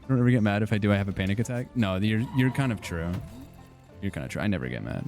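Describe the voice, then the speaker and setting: A man's voice: fairly low pitch, expressive, fast, music in the background. A young man streaming a game and chatting casually with viewers, rambling with lots of fillers and self-deprecating asides. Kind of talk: casual gaming stream chat.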